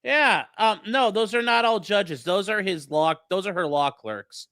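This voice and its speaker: A man's voice: high voice, expressive, measured pace, pushed and bright, no echo, studio quality. A man hosting a casual, profane commentary on a hearing, mocking the lawyers and mimicking them. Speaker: host commenting on a livestreamed hearing.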